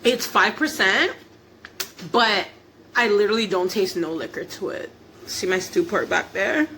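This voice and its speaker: A woman's voice: medium pitch, measured pace, pushed and bright, slight background noise. A young woman vlogging at home while cooking, chatty and laughing, swearing casually. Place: home kitchen.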